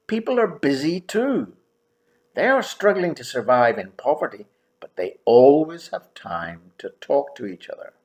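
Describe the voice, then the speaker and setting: A man in his seventies telling his own story in a wry, dryly humorous way, with pauses and drawn-out words. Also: mid-range voice. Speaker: memoir narrator. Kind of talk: reflective first-person storytelling.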